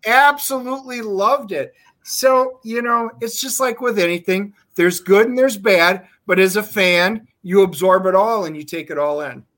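A man on a talk show as a guest, telling animated stories over a video call. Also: high voice, moderate pace. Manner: animated storytelling. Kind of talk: casual chat.

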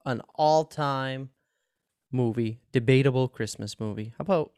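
A man co-hosting a podcast, chatting casually in a loose, profane, animated way. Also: mid-range voice, a little slow, clean tone, no echo, clean studio sound. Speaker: podcast co-host. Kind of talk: casual chat.

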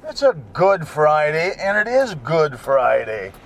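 Man, high voice, lively swooping pitch, rambling jokey monologue, in a car. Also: a little slow, creaky, slight background noise. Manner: rambling, irreverent, joking. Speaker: vlogger. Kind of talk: casual monologue while driving.

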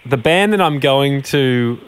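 A man's voice: mid-range voice, lively intonation, measured pace, slight background noise. A man co-hosting a comedy show, easygoing and setting up bits in casual banter. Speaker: radio comedy co-host.

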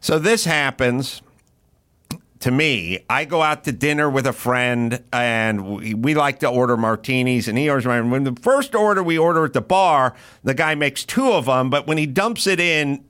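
Animated, swearing male storyteller. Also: mid-range voice, normal speed, smooth. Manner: animated, profane storytelling with acted-out quotes. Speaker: comedian guest. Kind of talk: casual podcast storytelling.

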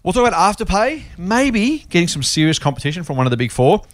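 An Australian man hosting a casual finance podcast, animated and rambling, laughing between points. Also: high voice, quick pace. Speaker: podcast host.

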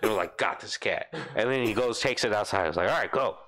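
A young man with a somewhat low voice tells a chaotic workplace anecdote to friends. He laughs his way through, swears freely, and slips into quick impressions of the people involved. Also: over a noisy crowd. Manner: animated, laughing often, swearing, acts out quotes. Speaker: storyteller in a casual chat. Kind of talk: casual chat, telling an anecdote.

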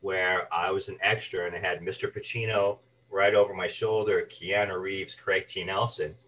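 A man with a low voice recounts his acting career as a guest. He tells stories with energy and briefly puts on the voices of the people he quotes. He sits a little back from the microphone. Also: moderate pace, distant mic, rough recording. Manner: animated anecdotes, acts out quoted voices. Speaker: guest, actor and voice artist. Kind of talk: storytelling interview chat.

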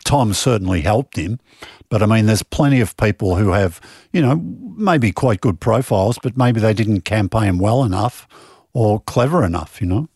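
A measured man co-hosting a radio chat, his voice fairly low. The sound is dry and close, with no room in it. He weighs each point and hedges his views. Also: expressive, a little mellow, breathy edge, dry recording. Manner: measured, hedging with "I think" and "I mean". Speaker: co-host.

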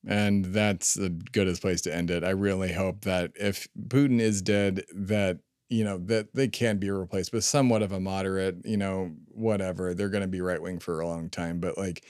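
A man's voice: low-pitched, steady tone, normal speed, few pauses, a little mellow, clear, resonant tone, dry recording, clean studio sound. A man co-hosting a podcast, chatting casually in a blunt, joking way with some swearing. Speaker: podcast co-host. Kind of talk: casual chat.

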